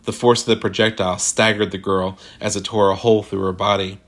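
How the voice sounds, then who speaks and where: A man reading a sci-fi horror short story aloud in a measured, deliberate way. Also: on the low side, flat delivery. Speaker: narrator. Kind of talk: scripted horror story narration.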